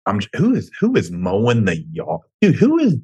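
A very deep, husky man with a light Southern twang talks through a solo podcast from home. He rambles, swears freely and cracks jokes at himself. The recording is close and dry. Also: wildly swooping pitch, normal speed, mellow, dry recording, highs cut off. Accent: Southern American twang. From United States. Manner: rambling, profane and self-joking, with frequent tangents. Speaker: podcast host. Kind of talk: casual solo podcast monologue. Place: home room.

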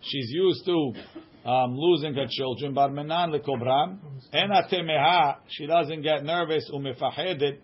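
A man's voice: a little high, moderate pace, husky. A man teaching a study group, reading aloud and translating line by line, checking in with "right?". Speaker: Talmud teacher. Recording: dull lo-fi recording.

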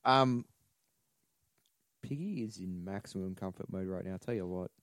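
A man's voice: deep voice, normal speed, no room sound. A man co-hosting a podcast in casual chat, joking and swearing as he rambles about movies. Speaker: podcast co-host.

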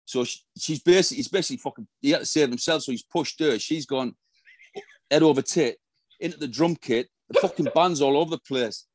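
A man's voice: on the high side, a little fast, a little mellow, dry recording. A middle-aged man, a former footballer telling profane anecdotes in a casual interview. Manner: profane, storytelling, swears constantly.

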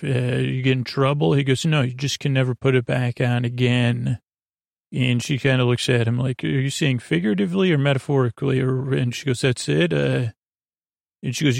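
A man with a gravelly, creaky voice talks through a TV episode recap in a loose, halting way, stopping and restarting his sentences often. His delivery stays flat and even, and the sound is close and dry with no room around it. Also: medium pitch, no echo. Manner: rambling and halting, many fillers and restarts. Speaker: podcast host recapping a TV episode.

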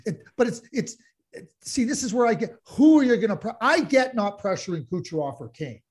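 A man co-hosting a casual sports podcast rants passionately, constantly restarting and repeating words. His voice sits high and sing-song, brisk, with a breathy edge.

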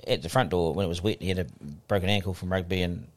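A man's voice: sits low, quick pace. A middle-aged man with a New Zealand accent telling a story as a podcast guest, acting out the dialogue as he goes. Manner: animated anecdotal storytelling, acting out quoted dialogue. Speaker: guest broadcaster.

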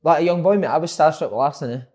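A man in casual chat fires off questions and recalls stories from his playing days, with plenty of swearing. His voice is fairly high and his pace quick. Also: darkish tone. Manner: sweary, keeps asking questions, recounts stories. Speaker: former footballer, podcast co-host.

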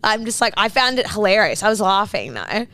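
A woman's voice: medium pitch, brisk. A woman, co-hosting a casual podcast and retelling stories, acting out what people said and swearing freely. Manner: animated storyteller, acts out quoted lines, swears freely. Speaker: podcast co-host. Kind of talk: casual chat.

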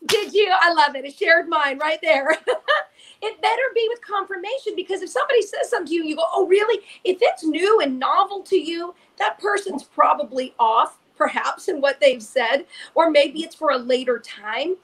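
A woman co-hosting a faith podcast, telling an animated personal story and repeating phrases for emphasis. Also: very high-pitched, normal speed. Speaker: podcast co-host. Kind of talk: casual chat, storytelling testimony.

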